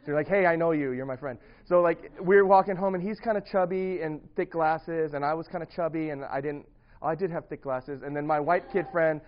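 A man's voice: fairly high pitch, fairly even intonation, fairly quick, lo-fi sound. A young man casually telling a long personal story to a small group, rambling with many restarts and often breaking into laughter. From grew up partly in the US Midwest.

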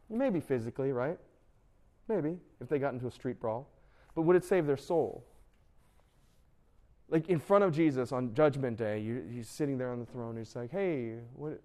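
A man in his thirties, a youth pastor, preaching a casual sermon to teenagers and acting out their quoted voices. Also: mid-range voice. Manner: conversational, animated, acts out quoted voices.

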